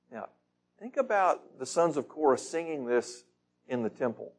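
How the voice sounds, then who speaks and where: A man's voice: a little high, animated, normal speed. A man leading a Bible study, reading scripture aloud and putting questions to the group in a casual, conversational teaching manner.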